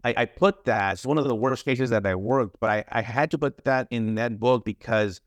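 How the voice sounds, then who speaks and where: A man's voice: medium pitch, moderate pace, dry recording. A man, a former trafficking investigator, talking as a guest in an interview, emphatic and often repeating or restarting his words. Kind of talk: interview conversation.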